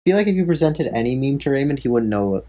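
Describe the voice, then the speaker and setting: A man's voice: medium pitch, expressive, fast talker, dark tone. A young man chatting casually with friends, teasing one of them with a laugh in his voice.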